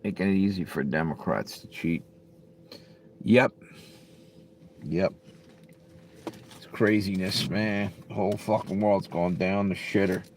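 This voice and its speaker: A man's voice: low voice, a little slow, long pauses. A middle-aged man live-streaming, chatting casually with viewers in a blunt, profane, rambling way. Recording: faint background noise.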